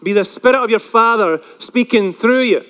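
Male pastor, high-pitched, animated preacher who acts out quoted voices, miked in a reverberant hall. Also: moderate pace, clear, resonant tone. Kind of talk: sermon.

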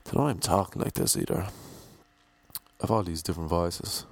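An Irish man in a rambling comic monologue, deadpan and self-mocking, talking in a monotone. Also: deep voice, fairly quick, vocal fry, dry recording.

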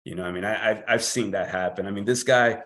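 Low-voiced New York man, halting. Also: fairly bright tone. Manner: measured, hesitant, with repeated words. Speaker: podcast guest, musician. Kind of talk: casual conversation.

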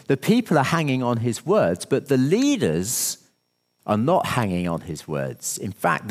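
A man preaching a sermon as pastor, animated, asking the congregation rhetorical questions and acting out little scenes. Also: medium pitch, big-room sound.

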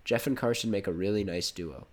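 A young man talks through a relaxed podcast episode with a cold. His voice sits a little low, and he rambles, stumbles over names and laughs easily. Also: brisk. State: has a cold. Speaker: podcast host. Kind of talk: casual podcast chat.

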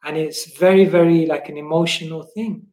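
A man's voice: on the high side, normal speed. A man with a British accent, a monk telling stories as a guest in a casual interview, with many fillers. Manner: animated storyteller with many fillers and laughs. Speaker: guest, monk and book distributor. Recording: echoey room.

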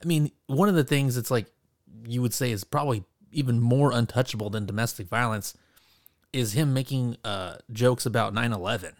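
A man's voice: medium pitch, fairly quick, no room sound, studio quality. A man co-hosting a podcast, rambling in casual chat with lots of fillers, swearing and laughter. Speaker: podcast co-host.

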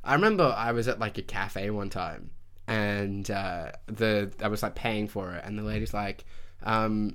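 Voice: low-pitched, measured pace, a bit bright. A young adult podcast guest with a mixed English and Australian accent, telling stories in casual chat. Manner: chatty, storytelling.

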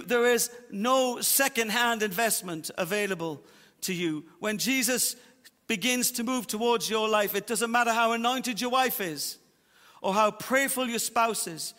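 A man preaching a sermon as pastor, emphatic, slowing down to stress his points. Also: very high-pitched, bright, forceful tone, big-room sound. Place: church auditorium.

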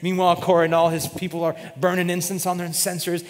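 A man preaching a sermon as pastor, retelling a story with lively acted-out voices. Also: high voice, fast talker, hardly any pauses, long reverb tail. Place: church sanctuary.

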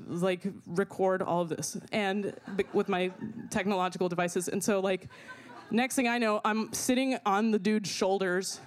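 A young woman telling a personal story in an animated way, full of fillers and swearing, often laughing as she talks. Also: medium pitch. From not from America.

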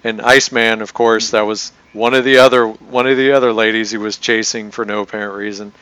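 Guy with a bright forceful low voice, joking around with friends. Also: a little fast, clear, resonant tone, dry recording, poor audio. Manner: animated storyteller, joking. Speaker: podcast co-host. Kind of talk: casual chat.

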